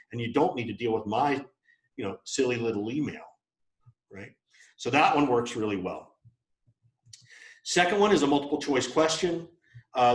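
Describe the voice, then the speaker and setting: A man's voice: mid-range voice, roomy sound, rough recording. A man giving a live sales training, talking bluntly and casually with plenty of fillers. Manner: blunt and conversational, with many fillers. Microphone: video call.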